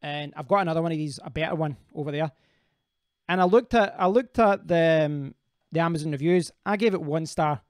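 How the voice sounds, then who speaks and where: A man hosts a casual live stream, rambling as he answers viewers' comments and often restarting his sentences. His voice is fairly high and a little fast, recorded dry with clean studio sound.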